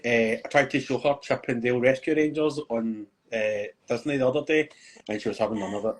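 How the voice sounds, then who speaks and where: An older man, a grandfather, chatting casually on a podcast he hosts and telling relaxed anecdotes. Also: mid-range voice, fairly quick, slight background noise, low-quality recording. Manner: easygoing anecdotal storytelling. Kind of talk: casual chat.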